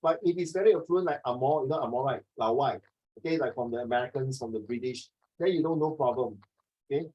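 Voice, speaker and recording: A man teaching an online English class over a video call, talking fast and jokingly, often ending his sentences with "ah" and "okay". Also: mid-range voice, lo-fi sound.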